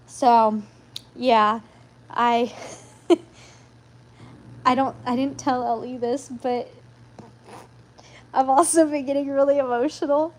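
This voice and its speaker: High-voiced chatty woman. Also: a little slow, long pauses. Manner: rambling, chatty, sassy asides. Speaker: live stream host. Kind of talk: casual live chat.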